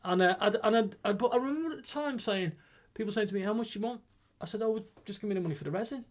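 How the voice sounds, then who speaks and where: A man, a co-host recalling the old days in casual chat, rambling and correcting himself as he goes. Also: sits high. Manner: rapid, rambling recollection with self-corrections.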